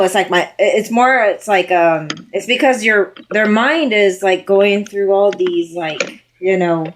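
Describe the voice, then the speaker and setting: A woman's voice: medium pitch, unhurried. A woman co-hosting a podcast in casual chat, talking in a loose, filler-heavy way and laughing often. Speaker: podcast co-host.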